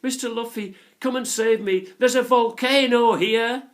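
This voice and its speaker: A man reading a children's story, voicing a frightened young girl with high panicky cries. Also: big pitch swings, normal speed, breathy edge.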